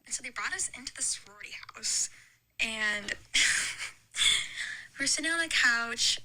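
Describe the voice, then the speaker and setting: A woman's voice: fairly high pitch, animated, moderate pace, pushed and bright, poor audio. A young woman telling a long, rambling story in casual chat, with lots of "like" and restarts. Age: young adult. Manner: chatty, rambling story with many likes. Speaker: podcast guest.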